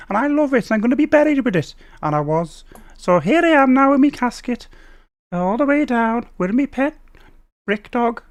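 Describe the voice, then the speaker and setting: A man doing an impression of a chatty woman comedian, in a high sing-song voice and a deadpan manner. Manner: deadpan storytelling of silly events. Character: chatty woman comedian telling a dry absurd tale.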